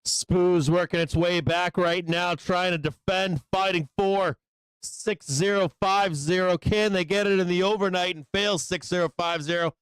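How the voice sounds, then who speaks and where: Profane excitable trading-show host. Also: male voice, high-pitched, a little slow, clear, resonant tone, dry recording. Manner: profane, excitable, yells at the chart. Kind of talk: profane live market commentary.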